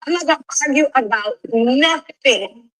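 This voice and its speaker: A woman in a heated talk show, insistent and defensive as she argues her side. Her voice sits on the high side. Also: lively intonation, moderate pace, fairly bright tone, no room sound, low-quality recording. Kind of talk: heated discussion of a reality show.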